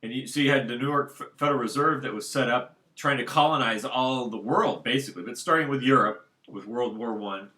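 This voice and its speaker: A man's voice: medium pitch, a little fast, hardly any pauses, bright, forceful tone. A man talking alone at home in a casual, unscripted monologue, rambling and circling back to his points. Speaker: solo commentator.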